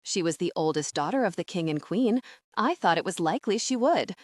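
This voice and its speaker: A woman's voice: fairly low pitch, animated, brisk, dry recording, studio quality. Woman reading as a tearful old fairy godmother. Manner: soft, apologetic, with a shaky voice. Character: tearful elderly fairy godmother, gentle and humble.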